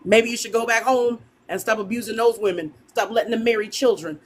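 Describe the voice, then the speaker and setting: A woman's voice: mid-range voice, fairly quick, slightly rough. A woman on a live panel debate, speaking in a scornful, combative way and confronting other guests.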